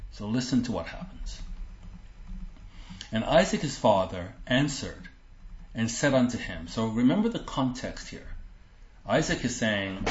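A Bible teacher with a lowish, expressive voice delivers a sermon at a measured pace, reading scripture aloud and explaining it earnestly and emphatically, often repeating himself. The recording sounds roomy, dull, and lo-fi.

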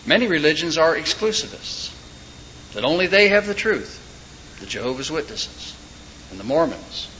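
Preacher guy, folksy sermon with jokes thrown in, slightly high voice, muffled old recording w/ some hiss. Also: animated, normal speed, sharp tone. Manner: folksy, joking asides and told stories. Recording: dull lo-fi recording with faint background noise.

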